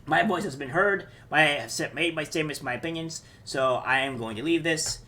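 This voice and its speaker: A man vlogging an opinion monologue, halting often with fillers and restarts. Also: on the high side, pushed and bright, a little hiss or hum. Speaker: political commentary vlogger.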